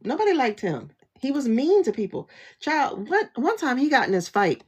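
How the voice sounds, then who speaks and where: A woman's voice: high voice, big pitch swings, moderate pace, a little mellow, husky. A woman hosting a casual commentary livestream, mocking and laughing often as she fires off rhetorical questions. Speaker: livestream host. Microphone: phone livestream.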